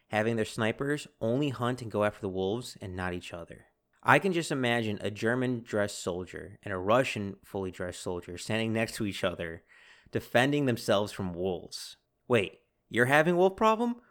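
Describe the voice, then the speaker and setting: A man hosting a casual history podcast, telling the story with animated bursts and acted-out quotes. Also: lowish voice. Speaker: podcast host.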